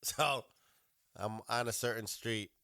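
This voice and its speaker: Profane, bright-voiced cop telling stories. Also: male voice, lowish voice, fairly even intonation, slow, gravelly, no room sound, studio quality. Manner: profane, laughing anecdotes. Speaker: podcast host, police officer. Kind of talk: casual chat.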